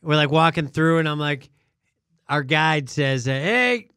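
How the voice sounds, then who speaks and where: A man co-hosting a podcast, talking in loud, jokey, excitable banter. His voice sits high and sounds bright and sharp. The studio sound is close and dry. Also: unhurried, smooth, no echo. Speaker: podcast co-host. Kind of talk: casual banter.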